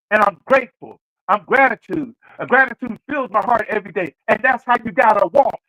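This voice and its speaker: A man's voice: very high-pitched, bright, forceful tone, no room sound, low-quality recording. A man hosting a show, giving a preacherly motivational talk and repeating phrases for emphasis. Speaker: show host.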